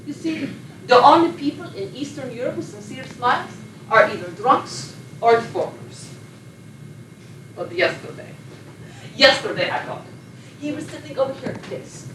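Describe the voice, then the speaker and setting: A sleepless Polish actress. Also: female voice, high voice, a bit bright. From Poland. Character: sleepless Polish émigré actress, chatty and self-promoting. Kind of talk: film monologue. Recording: echoey room, distant mic, background noise.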